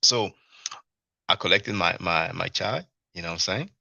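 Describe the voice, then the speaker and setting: Gravelly man telling a rambling story. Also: sits low, moderate pace, no echo, muffled recording. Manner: rambling, animated retelling with many fillers and restarts. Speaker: livestream host. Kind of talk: casual storytelling monologue.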